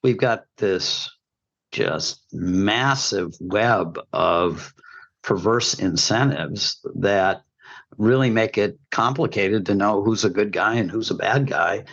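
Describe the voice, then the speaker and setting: A man's voice: lowish voice, slow pace, creaky, fairly bright tone. A man giving emphatic, opinionated commentary on a podcast, with folksy sayings, heard over slightly muffled remote audio. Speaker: healthcare commentator.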